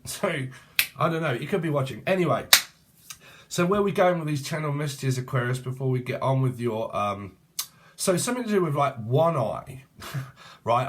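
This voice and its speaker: A British man in his forties giving a rambling, jokey tarot reading full of swearing and sudden sing-song asides. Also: medium pitch. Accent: British English. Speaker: tarot reader.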